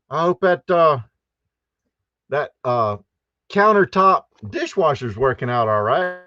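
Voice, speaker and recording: A man's voice: sits high, dry recording, muffled recording. A man hosting a live stream from a campground, chatty and rambling, giggling often as he greets viewers. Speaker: host of a live stream show. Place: campground in Texas.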